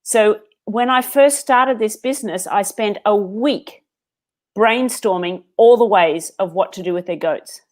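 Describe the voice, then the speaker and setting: An Australian woman, a business owner, answering as an interview guest in an earnest, measured storytelling way. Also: mid-range voice.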